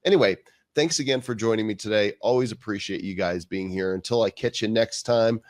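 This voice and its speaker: A man's voice: lowish voice, fairly quick, no echo, clean studio sound. A man hosting a live online show, talking in an affirming, casual way with frequent fillers. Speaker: host.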